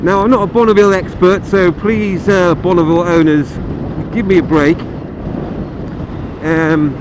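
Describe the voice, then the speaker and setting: A man chatting casually and self-deprecatingly as he reviews a motorcycle while riding it outdoors, with plenty of ums and uhs. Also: fairly high pitch. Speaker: motorcycle vlogger reviewing a bike. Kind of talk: casual ride-along review. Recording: loud wind and engine noise.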